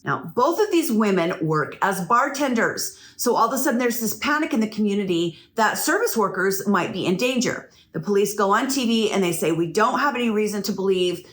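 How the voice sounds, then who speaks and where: A woman's voice: medium pitch, a bit bright, reverberant. A woman hosting a true crime show, telling the story casually and reacting with disbelief.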